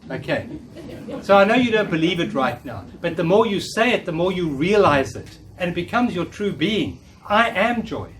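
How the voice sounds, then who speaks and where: A man's voice: high voice, lively intonation, normal speed. A man in his fifties giving a live talk, coaching and encouraging the audience in a room. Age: 50s. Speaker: workshop speaker. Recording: distant mic, faint noise.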